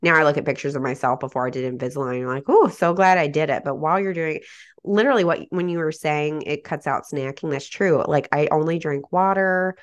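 A woman's voice: sits low, fairly even intonation, fast talker. A woman in her forties telling stories emphatically as a casual podcast co-host. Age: 40s. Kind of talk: casual chat.

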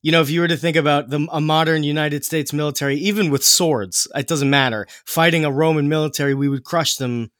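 A man's voice: a little high, fairly even intonation, fairly quick, few pauses, a bit bright, no echo, studio quality. A man hosting a podcast, explaining history in casual chat, with many fillers and restarts.

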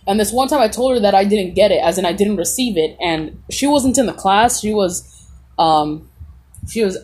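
Breathy teen girl telling stories. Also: medium pitch, a little mellow. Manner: chatty, lots of fillers, swears freely. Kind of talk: casual storytelling.

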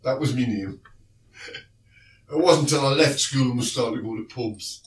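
A man with a South London accent, a radio presenter co-hosting a casual podcast chat, jokey and teasing and quick to laugh. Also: medium pitch. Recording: roomy, distant mic, faint noise.

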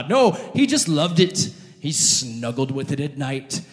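A man preaching an animated, jokey sermon, addressing his audience directly as he tells a story. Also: fairly high pitch, unhurried. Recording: long hall reverb.

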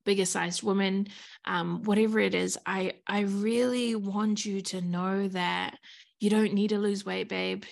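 A woman in her thirties speaks straight to her listeners in a casual, motivational podcast monologue. Her voice has a gravelly, fry-edged texture, and her words are earnest and frank, with plenty of swearing. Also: medium pitch, fairly even intonation, unhurried. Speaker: podcast host.

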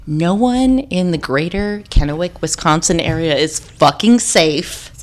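A woman's voice: fairly low pitch, fairly bright tone. A woman co-hosting a casual comedy podcast, reading posts aloud with dramatic emphasis and swearing freely. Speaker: podcast co-host.

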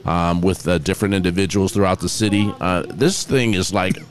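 A man hosting a casual local podcast, easygoing and chuckling, with drawn-out asides. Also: deep voice, fairly even intonation. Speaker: podcast host.

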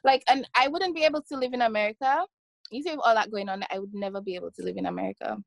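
A woman's voice: mid-range voice, fast, gravelly, no room sound. A woman who is a podcast guest, talking casually in a chatty way and laughing easily. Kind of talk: casual chat.

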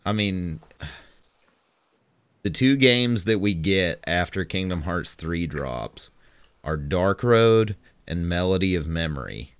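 Man, very low voice, swooping animated pitch, slow, unhurried delivery, deadpan joking, dry close sound. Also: smooth, no room sound. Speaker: podcast co-host. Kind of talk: casual chat.

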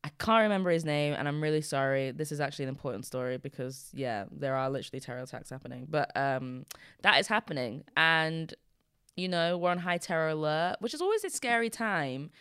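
Lively, blunt woman co-host. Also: sits low, fairly quick, clear, resonant tone, dry recording, clean studio sound. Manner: animated and blunt, swears freely. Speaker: podcast co-host. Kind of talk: casual chat.

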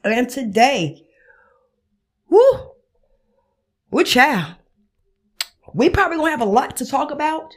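A woman's voice: high-pitched, slow pace, pauses often. A woman hosting her own podcast, ranting in casual profane commentary and acting out calls with friends. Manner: animated, swearing, acts out phone calls with friends. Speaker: podcast host.

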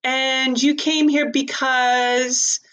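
A woman voicing a brisk, officious woman magistrate in a storybook reading, polished and smoothly professional. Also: high-pitched, flat delivery, fairly bright tone, pitched above the performer's own voice, exaggerated voice, low-quality recording.

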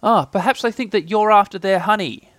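A man's voice: high-pitched, brisk, a bit bright, dry recording, voice pushed up. A man voicing an eager, kindly young boy in a storybook reading.

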